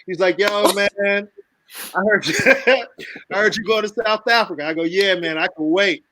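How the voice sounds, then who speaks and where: A man from the United States hosting a casual video call chat, telling animated stories with swearing and frequent laughs. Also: sits high, moderate pace, background noise. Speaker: host.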